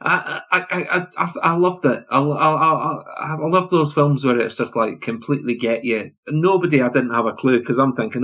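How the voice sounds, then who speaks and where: A British man guesting on a podcast, chatting excitably about films with many repeated words and restarts. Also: medium pitch, moderate pace, few pauses. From Britain. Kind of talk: casual film chat.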